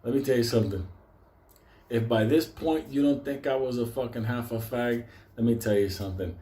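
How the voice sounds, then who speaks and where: Man, New York accent, swearing storyteller, mellow voice, echoey room. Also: mid-range voice, a little fast. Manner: swears constantly, gets loud and animated at the scary parts. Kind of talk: profane comic storytelling.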